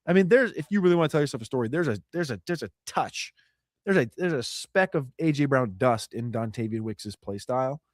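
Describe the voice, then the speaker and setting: A man of middle pitch giving fantasy football analysis on a live stream. He talks emphatically and loosely, with slang and plenty of restarts. The voice sounds dry and close to the mic. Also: animated, a little fast, no room sound. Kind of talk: live draft coverage chat.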